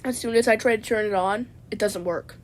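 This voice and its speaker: A woman's voice: mid-range voice, fairly quick, slight background noise. A woman vlogger telling a rambling comedic story from inside a parked car, stammering and tacking "man" onto her sentences.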